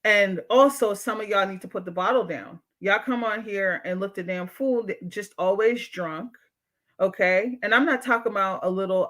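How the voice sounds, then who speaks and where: A woman's voice: mid-range voice, moderate pace, a bit bright. A woman hosting a livestream and reading out chat comments. She is a therapist who talks bluntly and swears freely as she lectures her viewers. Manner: blunt, outspoken and profane. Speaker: livestream show host and therapist.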